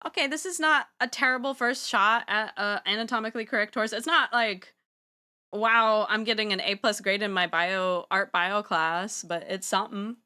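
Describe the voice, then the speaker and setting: Bright-voiced chatty young woman streamer. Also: medium pitch, normal speed, clear, resonant tone. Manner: chatty, rambling, playful slang. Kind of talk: casual livestream chat while drawing.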